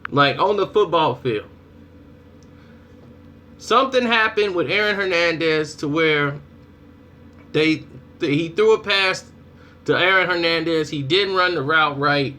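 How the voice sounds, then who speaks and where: Animated man vlogging, bright voice. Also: a little high, a little slow, pauses often. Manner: animated storytelling, acts out reactions. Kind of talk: casual commentary.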